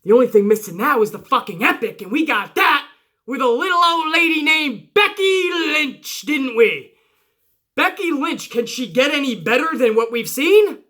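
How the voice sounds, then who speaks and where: Excited, cursing wrestling recap man. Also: very high-pitched, moderate pace. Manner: animated, swears often, acts out quotes. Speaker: wrestling review host. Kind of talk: excited casual recap with profanity.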